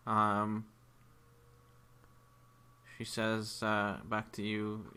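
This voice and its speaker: A man narrating a tabletop game as game master, with a measured delivery and frequent ums and uhs. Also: fairly low pitch, steady tone, pushed and bright, clean tone.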